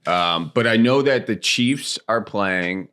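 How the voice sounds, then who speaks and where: A man's voice: lowish voice, lively intonation, takes it slowly, bright, forceful tone. A man hosting a podcast, easygoing and asking short questions. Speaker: podcast host. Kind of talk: casual podcast chat.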